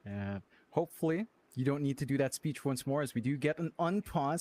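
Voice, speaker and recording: A man casting an esports match live, joking dryly with his partner and breaking down the game calmly. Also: medium pitch, fairly quick. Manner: dry, playful humor with steady analytical calls. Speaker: esports commentator. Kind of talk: live game commentary and banter.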